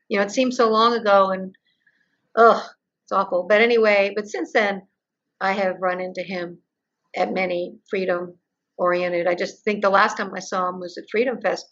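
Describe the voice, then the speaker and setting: An older woman answers as an interview guest with a gravelly texture in her voice. She tells her story and acts out the remarks of the people in it. The audio is muffled and lo-fi. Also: mid-range voice, a bit bright. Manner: storytelling, acts out quoted exchanges.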